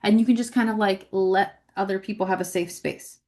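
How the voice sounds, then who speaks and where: Here the woman ministry leader sounds brisk and steady, her mid-range voice carrying a darkish tone. The spiritual teaching stays casual and chatty, with repeated words, plenty of "like," and a habit of asking "right?"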